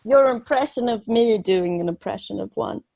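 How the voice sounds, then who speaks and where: A woman's voice: fairly high pitch, normal speed, vocal fry, a little mellow, dry recording. A woman co-hosting a podcast in casual chat, giggly and self-conscious as she banters. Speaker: podcast co-host. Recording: dry, slightly dull lo-fi sound.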